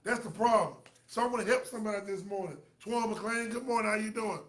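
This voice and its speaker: A man's voice: high-pitched, fast talker, fairly bright tone. A man hosting a live online talk show, exhorting his viewers in a repetitive, preacher-like way.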